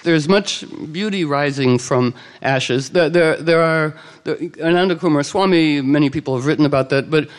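A man telling an old legend to a live audience in a lively, conversational way, with quick asides and quoted character lines. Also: on the high side, smooth. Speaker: storyteller. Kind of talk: oral storytelling to a live audience.

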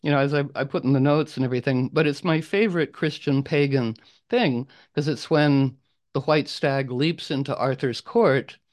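The group host on this online call has a mid-range, slightly mellow voice and speaks at a moderate pace. He rambles casually and playfully, slipping into little character voices as he tells stories.

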